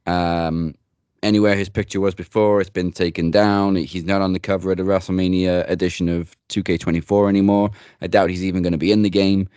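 A man's voice: low voice, level tone, a little fast, a little mellow, smooth, no echo. A man hosting a wrestling podcast, chatting casually and bluntly, joking and swearing freely. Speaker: podcast host.

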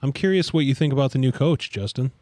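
A man's voice: mid-range voice, fast talker, warm tone, no echo. A man hosting a casual podcast in his small studio, easygoing and teasing. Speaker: podcast host. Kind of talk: casual chat.

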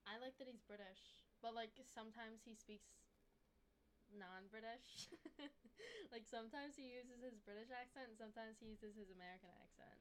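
A woman's voice: a little high, normal speed, a little hiss or hum. A young woman guesting on a podcast, teasing her partner in a playful, laughing chat. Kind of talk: casual chat.

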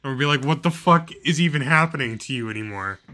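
Bright, lively man, dryly exasperated. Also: medium pitch, quick pace. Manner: dry, exasperated teasing. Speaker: podcast co-host. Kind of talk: casual chat.

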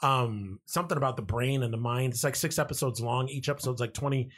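Husky man telling a wild story. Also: mid-range voice, fast talker. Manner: animated, swearing, laughs while telling. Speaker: podcast co-host telling a story. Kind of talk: casual storytelling chat.

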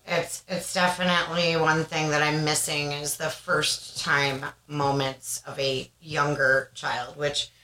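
A woman in her thirties co-hosts a casual podcast. Her voice is bright and a touch low, and she tells stories in a chatty, animated way. The room leaves a clear echo around her. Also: takes it slowly, few pauses. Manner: chatty storyteller, animated and reflective. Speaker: podcast co-host. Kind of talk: casual chat. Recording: roomy echo.

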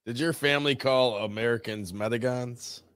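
A man's voice: mid-range voice, moderate pace, fairly bright tone, no echo. A man co-hosting a casual livestream, chiming in with short, laid-back remarks and chuckles. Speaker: co-host.

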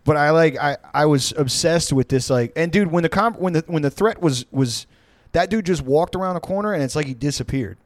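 A man's voice: fairly high pitch, brisk, few pauses, no echo, studio quality. A man telling a story on a podcast, rambling and profane with many fillers. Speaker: podcast co-host. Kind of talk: casual storytelling.

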